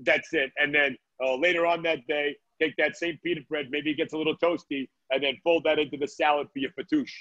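A man's voice: on the high side, steady tone, a little fast, hardly any pauses, bright, forceful tone, no room sound, lo-fi sound. A man, a guest chef from Brooklyn, chatting casually on a video call from his restaurant, telling stories with many "uh"s and "right?"s. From Brooklyn, New York.

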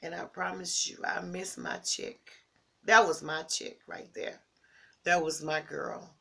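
Woman, grieving and near tears, slow heartfelt monologue, gravelly tone, repeats lines, slips into whispers. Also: on the low side. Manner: heartfelt, slow, repeats phrases, swings between loud emphasis and breathy whispers. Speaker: vlogger sharing a personal tribute. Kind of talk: emotional personal monologue.

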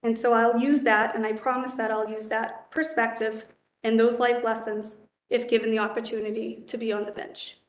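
A woman's voice: a little high, level tone, normal speed. Earnest woman in an echoey chamber. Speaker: judicial nominee. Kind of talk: formal testimony at a public hearing. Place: council hearing chamber. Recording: echoey hearing room.

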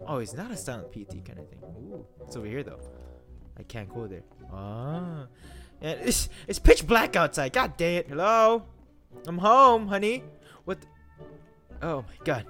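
A young Filipino gaming YouTuber does jokey horror game commentary, rambling to himself and yelping when something startles him. His medium-pitched, fairly bright voice swings widely in pitch at normal speed, with soft music in the background.

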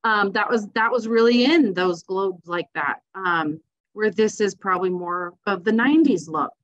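A woman's voice: medium pitch, moderate pace. A woman giving a casual, enthusiastic slideshow talk as a landscape design presenter, chatty with lots of fillers. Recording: dull lo-fi sound.

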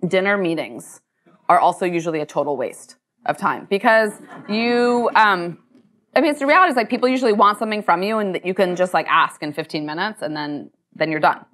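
A woman, a company co-founder and chief executive, answering onstage questions in a lively, chatty way with many "like" and "um" fillers. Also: fairly low pitch. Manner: talkative, quick, full of "like" and "um" fillers. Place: university lecture hall.

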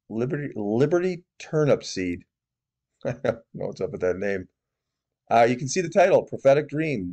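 A man giving measured, disapproving commentary on religious video clips. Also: lowish voice, darkish tone.

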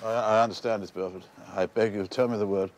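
An actor playing a dithering, pig-obsessed elderly English earl who stammers and pleads in a flustered way. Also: male voice, lowish voice, fairly even intonation, fast talker, slight background noise, close to an everyday voice. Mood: pleading. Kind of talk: period TV comedy acting.

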